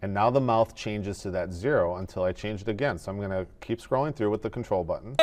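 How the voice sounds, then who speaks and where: A man teaching animation in a screen-recorded tutorial, explaining each step in a methodical, relaxed way. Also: fairly low pitch, fast.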